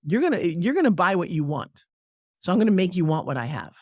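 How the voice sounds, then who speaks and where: A middle-aged woman, a sales coach, talking energetically in an interview and slipping into persuasive pitching, with acted-out quotes. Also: big pitch swings, fast talker, a little mellow, no room sound. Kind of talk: energetic interview talk with live product pitch.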